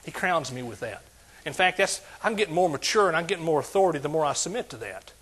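A man preaching a sermon to a congregation, asking them questions and building to loud exclamations. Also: a little high, expressive, fast, breathy edge. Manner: preaching with call-and-response, rising to shouts. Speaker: pastor.

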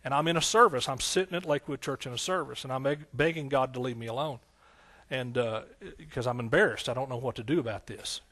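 With a quick pace and mid-range voice, a middle-aged pastor recounts an emotional testimony in a sermon, his tone shifting from soft and tearful to loudly exclaiming.

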